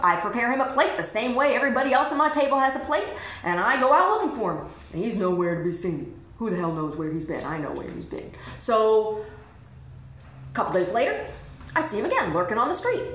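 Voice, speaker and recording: A woman's voice: mid-range voice, a bit bright, a little hiss or hum. A woman vlogger telling a personal story in a blunt, emphatic way, swearing freely. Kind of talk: casual storytelling to camera. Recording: roomy echo.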